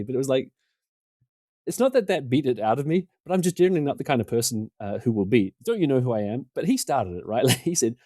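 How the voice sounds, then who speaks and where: A man in his forties, a podcast guest, telling casual stories in a self-deprecating way and getting animated when he quotes other people. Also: medium pitch, quick pace, no echo, clean studio sound. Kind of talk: casual storytelling interview.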